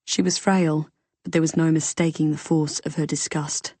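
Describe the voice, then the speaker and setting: A woman reads a first-person thriller in expressive storytelling style. Her voice sits low, and the recording is dry and close, with no room sound. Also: a little fast, breathy edge, dry recording. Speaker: audiobook narrator. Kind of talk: first-person audiobook narration.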